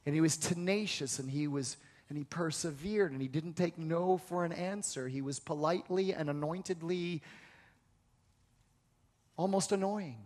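A man's voice: on the high side, moderate pace, darkish tone. A man preaching a sermon with a dramatic, emphatic delivery, acting out conversations and building to repeated phrases. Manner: dramatic, acts out dialogue, builds to emphatic repetition. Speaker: pastor. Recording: hall reverb.

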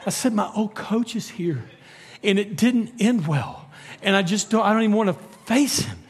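A man's voice: high voice, moderate pace. Preaching man in an echoing hall. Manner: animated storytelling, rising to near-shouts. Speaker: pastor. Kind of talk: sermon. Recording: long reverb of a large hall.

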